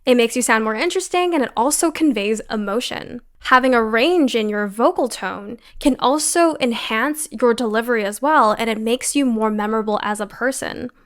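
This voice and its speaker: A woman's voice: a little high, moderate pace, few pauses, fairly bright tone. A young woman giving scripted advice on confidence, coaching viewers and demonstrating voice techniques as she goes. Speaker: self-improvement vlogger.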